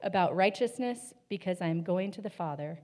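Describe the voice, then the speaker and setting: A woman reading scripture aloud in a measured, formal way during a church service. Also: lowish voice, animated, a little mellow. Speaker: scripture reader. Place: church sanctuary. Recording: long hall reverb, from far off.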